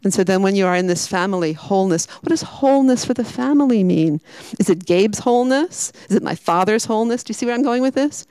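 A woman who is a Franciscan sister, giving a reflective spiritual talk. She is emphatic, slowing down and repeating key words. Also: medium pitch, expressive, dark tone, clean tone, dry recording, poor audio.

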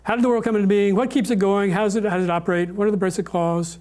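A man's voice: high-pitched, fairly even intonation, racing, darkish tone, natural voice. A man voicing a persistent monk who keeps asking how the world was made. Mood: earnest. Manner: earnest, questioning. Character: earnest male monk seeking answers, persistent.

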